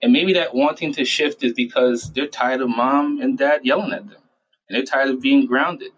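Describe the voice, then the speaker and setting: Animated man acting out quoted asides. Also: mid-range voice, breathy edge, rough recording. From United States. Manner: animated, acts out parents and patients in quick quoted asides. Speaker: child psychiatrist guest. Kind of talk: conversational interview answers.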